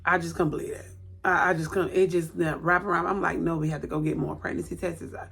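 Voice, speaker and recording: A woman's voice: fairly low pitch, little pitch movement, quick pace, creaky, a bit bright. A woman in her late thirties telling a personal story on camera at home, repeating words for emphasis and acting out what people said. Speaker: vlogger. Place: indoors at home, by a light.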